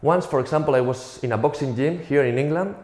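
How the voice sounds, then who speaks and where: A man's voice: fairly high pitch, fast talker, darkish tone, echoey room. A young man from Spain with a Spanish accent, telling a profane, self-mocking stand-up comedy routine.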